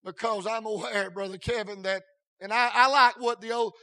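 Male pastor mid-sermon: chanting, shouting delivery with stammered restarts, bright sharp tone. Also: high-pitched, steady tone, normal speed. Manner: fiery, shouting, sing-song preaching cadence; frequent "uh" fillers and stammered restarts.

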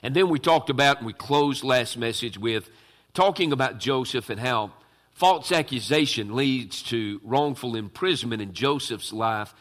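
A man's voice: medium pitch, moderate pace, fairly bright tone. A man preaching a sermon to his congregation, emphatic and full of rhetorical questions. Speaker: pastor.

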